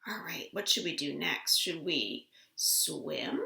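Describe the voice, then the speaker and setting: A woman librarian reading a picture book aloud to children from her home, gentle and expressive, with little gasps. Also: low-pitched, slow pace, vocal fry, soft background music. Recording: roomy home room recording.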